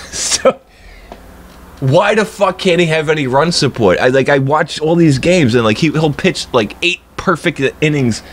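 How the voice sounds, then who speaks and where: A man's voice: expressive, measured pace. Heated man ranting with heavy swearing. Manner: heated, profane, swings from low grumbling to loud high outbursts. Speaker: game streamer. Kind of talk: casual ranting chat while streaming.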